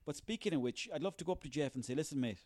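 A man's voice: on the high side, lively intonation, rapid-fire, a little mellow. Profane Irish man ranting. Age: 30s. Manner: profane, sarcastic, ranting, rambling. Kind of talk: comic rant monologue.

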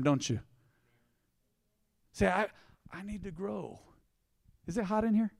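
A man in his forties preaching a sermon as pastor, swinging from emphatic loud passages to hushed, tender ones. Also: high-pitched, lively intonation, a little slow, gravelly, pauses often, dry recording, clean studio sound, long reverb tail. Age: 40s. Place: church sanctuary.

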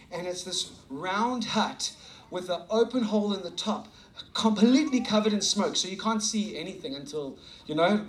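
A young man with a fairly high voice tells a sermon story. He is animated, acts out the lines of the people in his story, and laughs often as he goes. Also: low-quality recording. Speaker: preacher.

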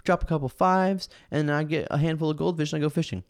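A man's voice: fairly high pitch, quick pace, creaky, no room sound, clean studio sound, pitched above the performer's own voice. A man imitating an odd, talkative male stranger he met while fishing, speaking bluntly and offhand in a raised voice. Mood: matter-of-fact.

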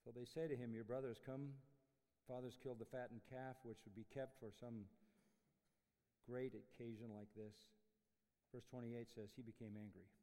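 A man preaching a sermon in a university chapel, emphatic, swinging from loud declarations to hushed lines. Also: medium pitch, steady tone, moderate pace, big-room sound. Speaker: pastor.

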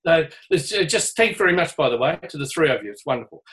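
Guy on a video call, higher voice, grateful, quick question. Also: lively intonation, fairly bright tone. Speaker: participant asking a question. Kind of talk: webinar question.

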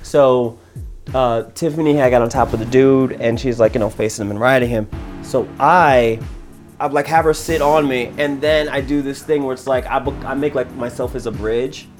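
A man telling a long story in casual podcast chat, rambling and animated, with many restarts. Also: mid-range voice, normal speed, faint music behind.

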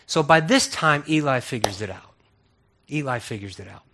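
A man preaching a sermon as a pastor, telling the story with lively acted-out voices and frequent repeated words. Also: mid-range voice, moderate pace, background noise.

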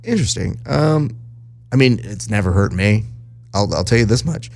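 A man hosting a podcast, telling stories in casual chat and acting out quoted voices with lively jumps in pitch. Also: moderate pace, gravelly, soft background music. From Southern California. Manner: animated storyteller, acts out quotes. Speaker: podcast host and jiu-jitsu broadcaster.

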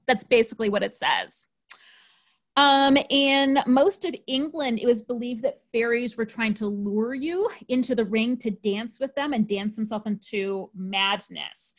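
A woman talks through folklore in a loose, chatty way, dropping in plenty of ums and likes. Her voice sits a little high for a woman and stays upbeat and conversational. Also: moderate pace, a bit bright. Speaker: podcast host. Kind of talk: casual folklore chat.

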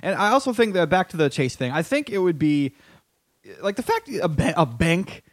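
A man hosting a podcast in loose chat, cursing and tripping over his own restarts. His voice is fairly high and lively, recorded close and dry. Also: dry recording. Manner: fast, swearing, stumbling restarts. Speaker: podcast host. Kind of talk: casual chat.

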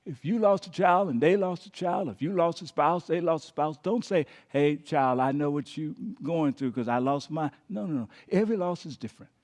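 A man's voice: on the high side, normal speed, few pauses. A man preaching a sermon as pastor, emphatic, sometimes dropping to a whisper and having the listeners repeat after him. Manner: emphatic, dropping to quiet whispers on key words.

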